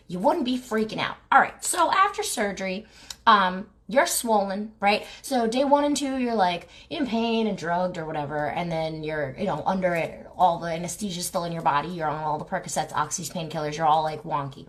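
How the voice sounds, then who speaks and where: A woman who runs a massage clinic, talking casually and with exasperation to her viewers, asking rhetorical questions and saying "like" and "right?" often. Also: mid-range voice. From New Jersey, United States. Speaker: clinic owner and lymphatic massage therapist. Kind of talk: casual talking-head advice video.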